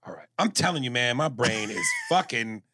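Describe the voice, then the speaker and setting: A man's voice: mid-range voice, wildly swooping pitch, moderate pace, sharp tone, breathy edge, no echo, studio quality. A man co-hosting a comedy podcast, joking crudely and reading listener emails aloud. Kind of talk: casual podcast chat.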